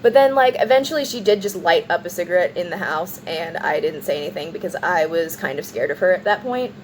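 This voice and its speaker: A woman's voice: on the low side, brisk, slight background noise, low-quality recording. A woman casually telling a long personal story in a vlog, rambling with lots of "like" and acting out what people said. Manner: rambling, animated retelling with many "like"s and acted-out quotes. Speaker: vlogger.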